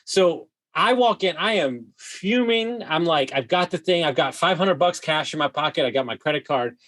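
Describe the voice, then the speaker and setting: A man telling a wild story as a podcast guest, animated, swearing freely and full of "like" fillers. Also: a little high, brisk. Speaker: guest, vacation rental host. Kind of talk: casual storytelling.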